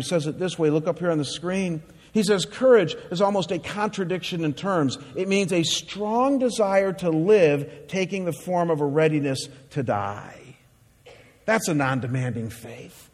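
A man's voice: high voice, in a large hall. A man preaching a sermon as a pastor, earnest and emphatic, with many rhetorical questions.

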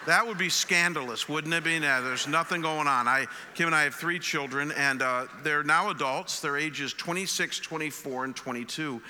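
A man's voice: a little high, a little fast, few pauses, sharp tone. A middle-aged man preaching a sermon as pastor, earnest and conversational, often restarting his words, in a church sanctuary. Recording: long hall reverb.

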